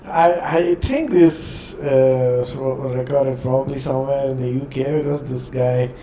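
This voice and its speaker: A man hosting a reaction video in casual commentary, often pausing to search for words. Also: mid-range voice, dark tone, slight background noise.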